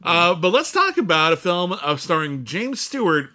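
A man co-hosting a casual film podcast as a critic, chatty and quick to laugh, with many fillers. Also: high voice, big pitch swings, pushed and bright. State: sore side, hurts to laugh.

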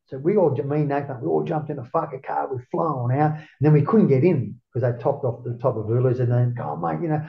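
A man's voice: on the high side, brisk, creaky, hardly any pauses. A middle-aged Australian man telling a rambling, profane story in casual chat and acting out what people said. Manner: rambling, profane, acts out quotes. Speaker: guest, former surfer. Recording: roomy, dull lo-fi sound.

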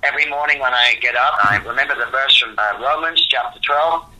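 A man's voice: mid-range voice, a little fast, sharp tone, poor audio. An older man, the founder of a religious museum ministry, answering interview questions in an earnest, devout and rambling way.

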